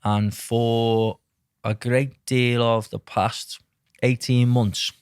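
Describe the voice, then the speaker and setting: A middle-aged man, a podcast guest telling lively stories and acting out what others said. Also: medium pitch, drawn-out words, smooth, dry recording, studio quality. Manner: lively anecdotes, acts out quotes, says mate a lot. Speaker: podcast guest, mindset coach. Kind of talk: casual storytelling chat.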